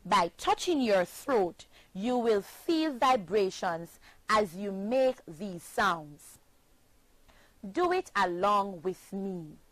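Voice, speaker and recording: A woman teacher from Jamaica giving a scripted spelling lesson, speaking slowly and spelling words out letter by letter. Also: mid-range voice, lively intonation, no echo, rough recording.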